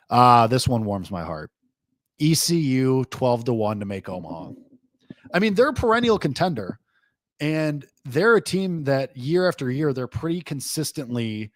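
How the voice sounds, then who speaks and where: A man hosting a live sports betting reaction show, talking loosely and rambling, full of "like", with excitable jumps and low asides. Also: dry recording. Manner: rambling, loose, heavy use of "like"; excitable swings between lively and low asides. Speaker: host.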